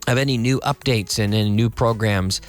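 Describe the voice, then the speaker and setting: A man's voice: on the low side, fairly quick, faint music behind. A Canadian man with a Canadian English accent, an English teacher on a radio show, explaining casually and rambling a little while spelling words out letter by letter. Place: radio studio.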